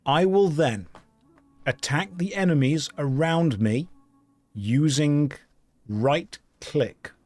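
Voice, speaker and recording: A man live-streaming an online game, chatting casually with his viewers and joking in a deadpan way while reading their messages aloud. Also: on the high side, takes it slowly, dry recording, soft background music.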